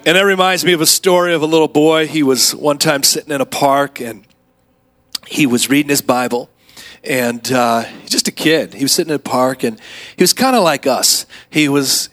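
A male preacher with a slightly raised pitch works the congregation, trading call-and-response with them. He drops to quiet asides and then rises to big shouted exclamations as he tells his story. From Atlanta area. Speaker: guest preacher. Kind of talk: energetic sermon with call-and-response. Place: church sanctuary.

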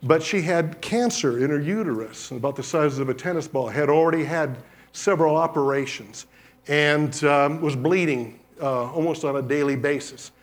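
A pastor, a man, preaching a sermon and telling testimony stories with lively storytelling and acted-out dialogue. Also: fairly high pitch, normal speed. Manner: animated storytelling, acts out quoted dialogue.

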